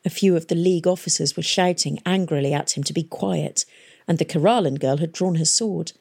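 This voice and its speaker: Woman narrator, lowish mellow voice, even audiobook delivery. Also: brisk, gravelly, slightly rough. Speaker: audiobook reader. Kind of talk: scripted narration.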